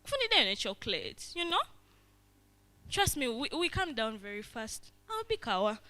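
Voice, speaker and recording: A woman's voice: high voice, very animated, unhurried, pushed and bright. A young woman leading an interactive workshop, often checking in with her listeners and acting out little scenes. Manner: constantly checks in with the audience, acts out little scenes. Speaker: workshop facilitator.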